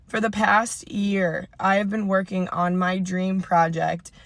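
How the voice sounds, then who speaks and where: A woman's voice: medium pitch, no room sound. A woman fitness trainer recording a vlog in her parked car, emotional and holding back tears, stressing her points by repeating them.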